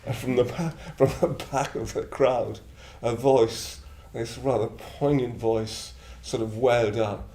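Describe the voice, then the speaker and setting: Heard in an echoey room with faint ambience, a man in his seventies from Middlesbrough, northern England, recounts anecdotes reflectively. A Buddhist order member, he is blunt, wanders off topic, and chuckles often, speaking in a mellow, medium-pitched voice with fairly even intonation, a little slowly and with hardly any pauses.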